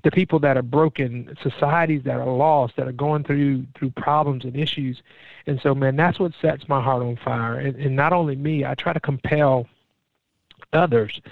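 Middle-aged male pastor, earnest and animated, dry dull lo-fi sound. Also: medium pitch, normal speed, vocal fry, dry recording. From Jacksonville, Florida. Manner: earnest, animated storytelling with frequent "man". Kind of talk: conversational interview.

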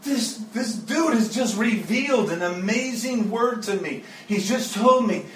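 A man's voice: high-pitched, expressive, a little slow, a bit bright, a little hiss or hum. A man from the Joplin, Missouri area, preaching as a guest and telling stories in an earnest, emotional way that breaks into laughs. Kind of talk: storytelling sermon. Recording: echoey room, mic at a distance.

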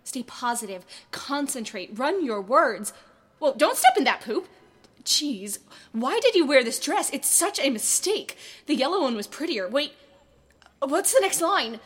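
A woman's voice: high-pitched, very animated, a little slow, a bit bright, pitched above the performer's own voice, heavily acted. A woman voicing a nervous teenage girl talking to herself. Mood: anxious. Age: teens. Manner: anxious, self-scolding inner monologue. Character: nervous seventeen-year-old girl going to an audition.

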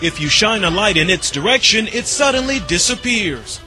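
Brief: male field reporter, even broadcast read, higher voice. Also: music in the background. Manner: measured, even newsreader delivery. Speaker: TV news reporter. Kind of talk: news report.

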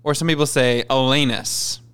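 Smooth-voiced wry man co-host. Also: on the high side, moderate pace, fairly bright tone. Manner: wry, playful quips. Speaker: podcast co-host. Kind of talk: casual chat.

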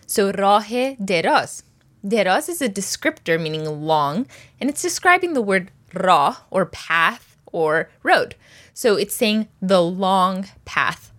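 A woman teaching a language lesson, patiently breaking phrases down and repeating each word slowly for learners. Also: mid-range voice, animated, fairly bright tone.

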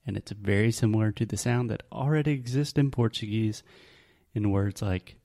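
A man with a Southern US accent patiently walks a learner through English vowel sounds, one example at a time. His voice sits low and gravelly, with a dark, mellow tone. He talks in a relaxed, casual teaching chat. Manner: patient, explains slowly with examples.

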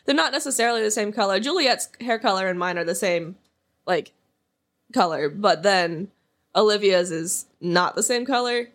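A woman's voice: mid-range voice, expressive, normal speed. A young woman co-hosting a casual chat podcast, telling rambling stories with lots of fillers and restarts, giggling as she goes. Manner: giggles through her stories. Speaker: podcast co-host.

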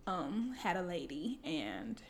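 A woman's voice: lowish voice, sing-song, slow pace, vocal fry, slight background noise. A woman co-hosting a podcast, telling funny work stories in casual chat, laughing often and mimicking the people she describes. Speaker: podcast co-host.

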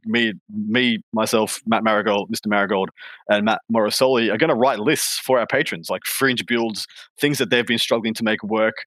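A man's voice: on the low side, fairly bright tone, no room sound. An Australian man hosts a gaming podcast in a loose, chatty way. He laughs easily and stumbles over repeated words while he thinks. The sound is dry and close. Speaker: podcast host. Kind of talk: casual podcast chat.

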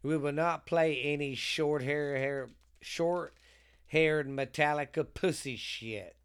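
A man's voice: on the high side, takes it slowly, smooth. A man co-hosting a podcast, casual and joking, with a lot of swearing. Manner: rambling, profane, joking. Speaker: podcast co-host.

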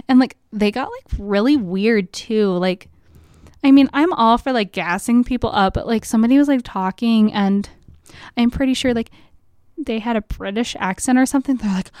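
A woman's voice: on the high side, animated, moderate pace, darkish tone, no echo. A young adult woman hosting a podcast from a college radio studio, rambling casually with constant "like" fillers and frequent laughs. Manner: chatty, filler-heavy with frequent "like", laughs often. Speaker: podcast host.

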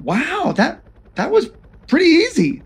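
A man's voice: sits high, moderate pace, darkish tone, voice pushed up. A man voicing a nervous young male rookie spy who stammers and trips over his words. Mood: nervous eager.

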